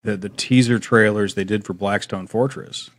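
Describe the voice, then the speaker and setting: A man's voice: on the low side, fairly even intonation, moderate pace. A man chatting on a podcast, blunt and repetitive, swearing casually.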